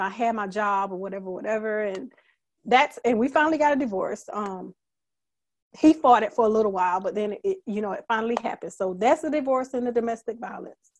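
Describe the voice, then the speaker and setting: A middle-aged woman as a guest, telling her story candidly in an earnest, halting way, holding back tears. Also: medium pitch, no room sound. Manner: earnest, halting, many fillers and restarts; emotional, fighting back tears. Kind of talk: candid conversational testimony.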